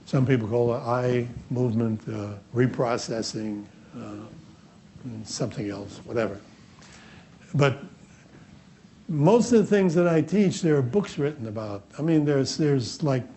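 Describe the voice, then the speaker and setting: A man's voice: medium pitch, dark tone, a little hiss or hum. A man teaching a workshop class, telling anecdotes in a loose, repetitive way and acting out the dialogue. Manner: storytelling, acts out dialogue, repeats himself. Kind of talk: anecdotal seminar lecture.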